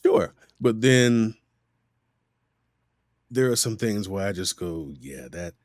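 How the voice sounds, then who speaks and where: Speaking slowly in a lowish register, this middle-aged Miami man, a voice actor, animatedly recounts stories in a relaxed interview and acts out every voice he quotes. The sound is clean studio audio with no room sound.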